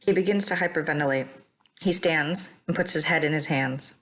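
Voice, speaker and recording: A woman reads audio description, giving the stage directions in a plain, even manner. Her voice sits on the low side. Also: normal speed, low-quality recording. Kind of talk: scripted narration of stage directions.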